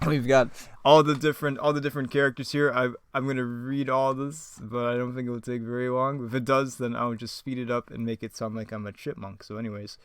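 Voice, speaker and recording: A man's voice: medium pitch, flat delivery, brisk, clean tone, no room sound. A man in a casual vlog reading his old scripts aloud, rambling and mocking himself. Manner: rambling, self-mocking, chuckles often. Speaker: YouTuber.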